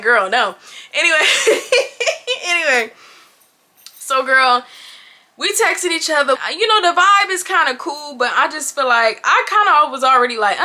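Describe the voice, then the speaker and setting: High, bright-voiced chatty woman. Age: 20s. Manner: animated, chatty, talks straight to viewers with slang. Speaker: vlogger. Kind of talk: casual storytime chat. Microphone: on-camera mic.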